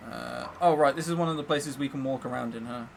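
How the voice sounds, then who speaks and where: A man's voice: medium pitch, quick pace, a little hiss or hum. A man streaming a visual novel, giving chatty, joking commentary and swearing freely. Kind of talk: casual let's-play commentary.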